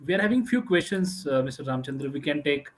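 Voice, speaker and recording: A man, relaying audience questions to the panel in a measured way. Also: fairly high pitch, animated.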